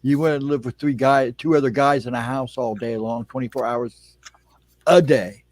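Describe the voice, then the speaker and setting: A man joins a live stream as a guest and trades easygoing jokes with the host. His talk stays relaxed and casual throughout. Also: mid-range voice, moderate pace, no room sound. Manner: joking, easygoing banter.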